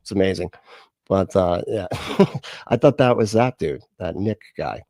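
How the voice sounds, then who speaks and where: A man's voice: deep voice, animated, a little slow, mellow, no room sound, clean studio sound. A man hosting a reaction channel, rambling in casual commentary with lots of fillers and frequent laughs.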